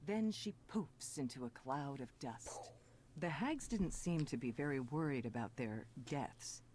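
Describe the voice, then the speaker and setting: A game narrator giving scripted narration in a measured storybook manner. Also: mid-range voice, expressive, darkish tone, slight background noise, close to an everyday voice.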